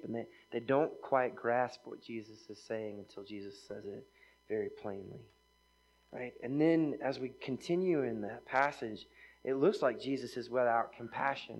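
A man delivering a sermon in an easy, conversational voice at an ordinary middle pitch. He keeps checking in with his listeners by asking "right?" as he works through the reading. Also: a little mellow, dull audio. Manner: conversational, often asks "right?". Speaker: preacher.

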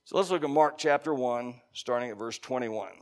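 A man preaching a sermon and reading scripture, with emphatic stresses, sudden quiet drops and conversational asides to his congregation. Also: normal speed. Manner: emphatic, swinging between loud stresses and low quiet drops. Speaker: pastor.

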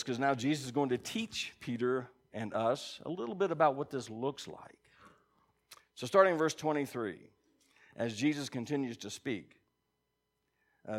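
A man's voice: mid-range voice, fairly bright tone. A man preaching a sermon in a conversational way, reading scripture aloud and checking in with his listeners. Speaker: pastor.

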